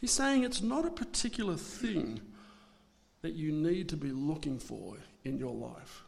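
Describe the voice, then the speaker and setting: A man preaching a sermon, swinging between loud dramatic declarations and hushed asides. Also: on the high side, animated, unhurried, gravelly.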